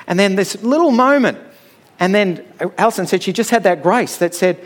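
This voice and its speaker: A man's voice: high-pitched, animated, a little fast. A middle-aged man preaching a sermon in a conversational, storytelling way, often checking in with "all right?".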